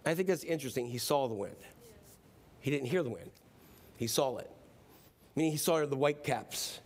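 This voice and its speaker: A man's voice: mid-range voice, normal speed. A man preaching a sermon in a casual, playful way, acting out the story. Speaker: pastor.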